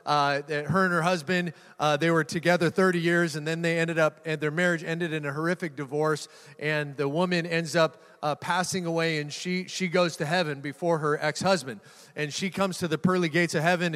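Preaching to a live crowd in a reverberant church hall, this pastor has a fairly high, somewhat bright voice. His sermon is conversational and full of jokes, and he tends to repeat words.

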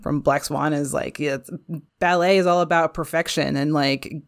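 A woman's voice: low voice, steady tone, moderate pace, creaky. A woman co-hosting a casual film discussion, giggly and hesitant, with lots of fillers. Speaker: podcast co-host.

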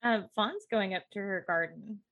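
A woman's voice: medium pitch, moderate pace, gravelly. A woman casually narrating her character's actions as a player in a tabletop role-playing game. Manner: relaxed, describing actions with fillers.

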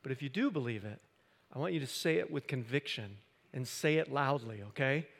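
A pastor preaching a sermon into a microphone, building from quiet talk to loud, impassioned emphasis. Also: male voice, mid-range voice, lively intonation, a little fast, gravelly. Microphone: handheld or stand microphone. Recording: reverberant hall.

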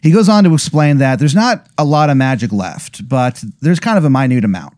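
A man's voice: mid-range voice, expressive, fairly quick, a little mellow, no echo, clean studio sound. A young man telling a long comedic hypothetical, rambling and profane, with many fillers. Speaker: podcast co-host. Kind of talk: comedic storytelling.

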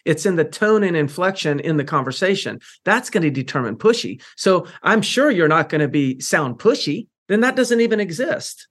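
A man's voice: on the high side, expressive, normal speed, hardly any pauses, a bit bright. A man hosting a podcast interview who talks emphatically and explains his points with everyday examples. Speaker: podcast host. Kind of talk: casual interview conversation.

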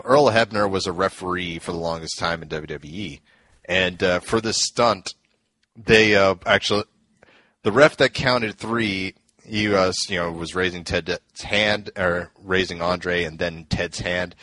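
A man's voice: sits low, normal speed, pushed and bright, dry recording. Enthusiastic man retelling stories. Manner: enthusiastic, laughs often, recounting events. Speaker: podcast co-host. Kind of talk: casual storytelling chat.

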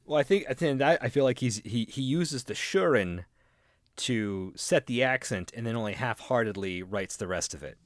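A man's voice: mid-range voice, normal speed, no echo, clean studio sound. A man in his thirties in casual conversation, voicing emphatic, opinionated critiques. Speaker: podcast co-host. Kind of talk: casual chat.

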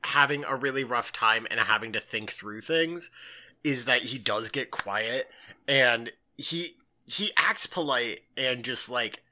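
This podcast co-host, medium-pitched and slow, chats animatedly while retelling a story, packing his speech with fillers and performing the quoted lines.

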